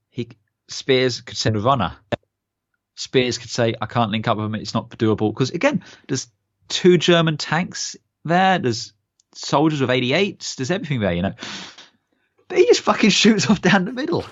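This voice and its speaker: A man's voice: medium pitch, moderate pace, no echo, muffled recording. A young man co-hosting a podcast in casual chat, enthusiastic and rambling with many fillers. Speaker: podcast co-host.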